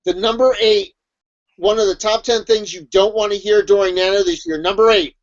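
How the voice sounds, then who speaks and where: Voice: mid-range voice, steady tone, normal speed. A host of a casual online hangout, laughing often while reading out a countdown list over a video call. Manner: giggly, reads out a countdown list. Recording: muffled online call audio.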